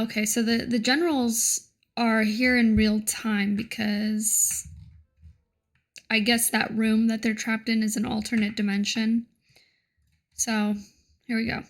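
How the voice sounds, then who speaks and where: A woman's voice: a little high, vocal fry. A young woman giving joking, self-mocking, chatty commentary while playing a game. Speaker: gaming streamer.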